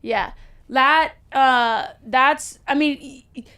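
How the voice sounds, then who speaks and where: A woman comedian from Kentucky, a guest on the show, chatting casually and telling stories in a playful, animated way. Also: high-pitched, takes it slowly. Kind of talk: casual chat.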